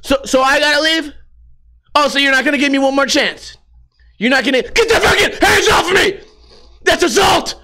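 A man voicing a defiant teenage boy skater who shouts profane taunts. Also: extremely high pitch, normal speed, long pauses, pitched above the performer's own voice, exaggerated voice. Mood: indignant.

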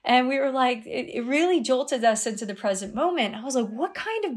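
A middle-aged woman, a guest on an interview show, telling a personal story in an animated way, her voice jumping high at surprising moments. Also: a little fast. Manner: animated retelling with sudden high exclamations. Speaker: guest, dream guide.

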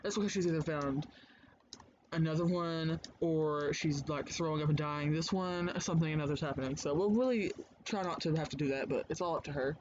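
A man with a slightly high voice talks a little fast while hosting a let's play at home indoors, chatting loosely and swearing freely over the game. A dull lo-fi mic captures it with clear noise.

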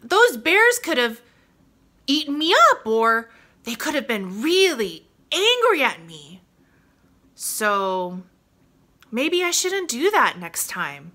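Storybook girl reflecting on her mistake, bright lively voice, read by a woman. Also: fairly high pitch, slow pace, long pauses, exaggerated voice. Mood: remorseful. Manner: reflective, self-questioning. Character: remorseful little girl thinking aloud.

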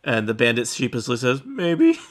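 A man narrating as game master of a tabletop game, relaxed and halting with many fillers. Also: fairly high pitch.

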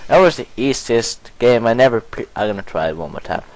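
A young man doing casual let's play commentary, goofy and excitable, often breaking into silly singing and swearing. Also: medium pitch, fairly quick, background noise. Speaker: gameplay commentator.

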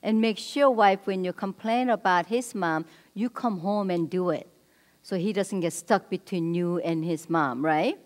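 A woman leading a marriage seminar at a church, speaking directly and prompting the audience with quick cues. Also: on the low side. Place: church hall. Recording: long hall reverb.

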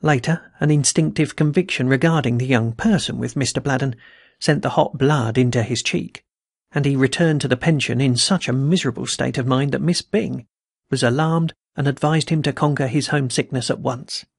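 A man hosting a podcast, reading adventure and dark stories aloud in a measured, steady way. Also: medium pitch, creaky, husky, dry recording, studio quality. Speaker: podcast story reader.

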